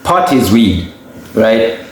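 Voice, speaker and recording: A young man casually chatting as a podcast co-host, telling animated stories with laughter and acted-out quotes. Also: fairly low pitch, takes it slowly. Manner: animated, laughing storyteller who acts out quotes. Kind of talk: casual chat, storytelling. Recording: echoey room.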